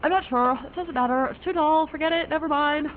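A woman plays a chatty, offbeat young woman on a phone call, her high voice spilling out odd, fancy slang. The sound is narrow and phone-like, with a faint hiss behind it. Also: fairly quick, close to an everyday voice. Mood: breezy. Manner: rambling, quirky, odd ornate slang. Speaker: young woman calling a friend. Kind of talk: one-sided phone call monologue in an audio drama.

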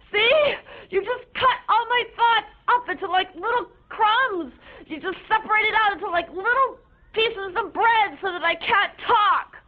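A woman voicing a melodramatic teenage girl who rants tearfully at her parents and mangles big words in a comic monologue. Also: very high voice. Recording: tinny phone-like sound.

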